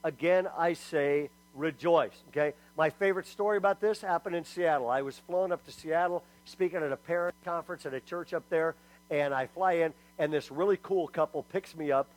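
A middle-aged man giving a lively sermon-style talk to parents. He is emphatic and humorous, and keeps asking the audience "okay?" after each point. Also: on the high side, fairly quick, rough recording. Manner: humorous storyteller. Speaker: speaker at a church parenting talk.

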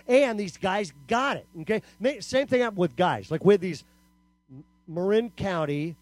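A man delivers a lively youth camp sermon in a high-pitched voice. He tells stories in a punchy way and acts out the quotes. The sound is dry and close, with no room echo. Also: normal speed. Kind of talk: animated sermon to teenagers.

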